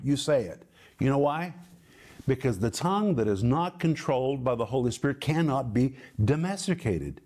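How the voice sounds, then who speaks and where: A man's voice: mid-range voice, animated, normal speed, warm tone. A middle-aged man preaching an emphatic sermon, explaining word meanings with big rises and falls in his voice.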